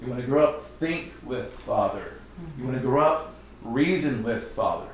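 A man's voice: medium pitch, expressive, moderate pace. A man giving a story-driven sermon, acting out dialogue and laughing often. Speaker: lay preacher, teacher. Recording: very echoey room, faint noise.

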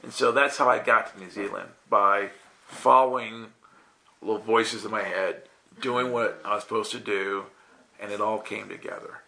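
A man's voice: on the low side, fairly even intonation, moderate pace, gravelly, bright, forceful tone, low-quality recording. A man telling a casual personal testimony as a guest minister, chatty and self-interrupting, often checking in with "right?".

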